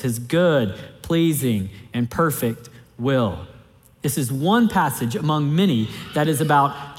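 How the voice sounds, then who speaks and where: A pastor giving a sermon in a conversational preaching manner, repeating key phrases for emphasis. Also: male voice, fairly high pitch. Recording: long hall reverb.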